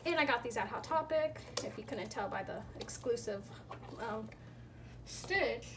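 A woman chatting casually through a toy unboxing, gushing and squealing with excitement and dropping to soft whispers between reveals. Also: on the high side, a little slow, background noise.

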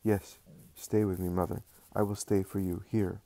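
A man voicing Jesus as a gentle, grieving teacher in a devotional audiobook, speaking softly and tenderly. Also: low voice, level tone, moderate pace, dry recording.

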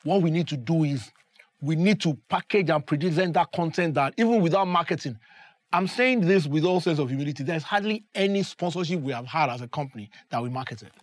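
A man's voice: a little high, lively intonation, a little fast, no echo. Earnest man with a dry sound. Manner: earnest, emphatic storytelling. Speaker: broadcaster and production company founder. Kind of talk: roundtable discussion.

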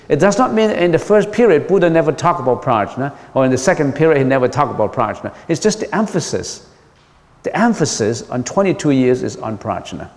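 A Buddhist monk gives a dharma lecture to his listeners, his pitch swinging widely as he poses questions and repeats key phrases for emphasis. He is a man with a mid-range voice. His words ring out with a long reverb, as in a large temple hall. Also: darkish tone.

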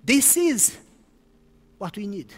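A man's voice: high voice, sing-song, slow, slightly rough. Man preaching in an echoing hall. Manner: storytelling with sudden emphatic rises. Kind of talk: sermon. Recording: reverberant hall.

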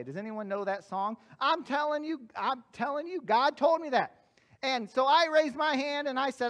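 High-voiced earnest man preaching. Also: normal speed, a bit bright. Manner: earnest, emphatic, repeats phrases for effect; self-deprecating humor. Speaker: guest pastor and evangelist. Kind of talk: sermon with personal stories.

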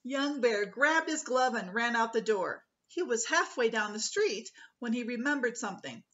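A woman, a preschool teacher, reading a picture book aloud to children in a slow, expressive way. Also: on the high side, dull audio.

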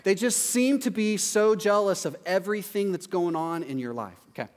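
Chatty pastor, slightly high voice. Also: male voice, normal speed, in a large hall. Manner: conversational, acts out quoted voices, frequent "right?" asides. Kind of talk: sermon.

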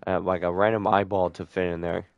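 A young man giving casual let's-play commentary, joking, swearing a lot and letting out sudden loud whoops. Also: low voice, level tone, a little fast, gravelly, clean tone, no room sound, dull audio. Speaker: gameplay streamer.

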